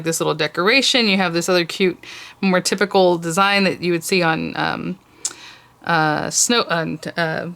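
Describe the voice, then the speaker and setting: A woman's voice: mid-range voice, a bit bright, a little hiss or hum. A woman hosting a casual crafting tutorial, chatty and gushing over cute details as she works.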